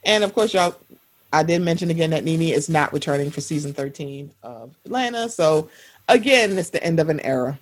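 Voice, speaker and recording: A woman in her thirties hosting a casual podcast, lively and animated, often jumping into high-pitched voices when quoting. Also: fairly quick. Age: 30s. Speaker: podcast host.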